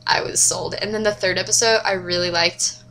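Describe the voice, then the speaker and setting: A young woman with a bright, ringing voice talks excitedly into her camera. She gushes and chatters, sliding from hushed whispers up to high squeals as she shares her opinions. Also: gravelly, slight background noise. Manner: gushing, chatty, fast shifts between whispers and squeals. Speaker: vlogger. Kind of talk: casual fan chat to camera.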